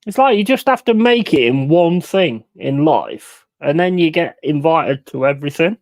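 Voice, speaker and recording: A man hosting a football watch-along stream, talking casually and swearing freely, swinging from loud outbursts to low mumbled asides. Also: lively intonation, moderate pace, no room sound. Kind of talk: casual live-stream chat.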